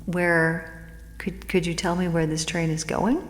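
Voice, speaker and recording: A woman's voice: on the low side, little pitch movement, measured pace, slight background noise, lightly acted. A woman voicing a puzzled, polite male traveler who keeps asking where he is going. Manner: hesitant, politely questioning. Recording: echoey room with long reverb.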